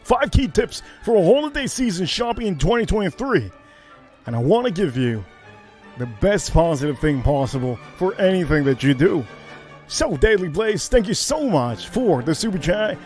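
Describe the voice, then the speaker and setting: Male livestream host, high animated delivery, repeats himself, hypes the chat. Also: moderate pace, soft background music. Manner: hyped, repetitive, shouts catchphrases.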